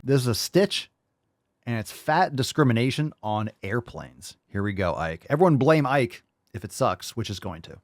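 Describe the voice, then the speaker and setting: A man's voice: medium pitch, expressive, normal speed. A man hosting a reaction commentary, blunt, profane and mocking. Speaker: host.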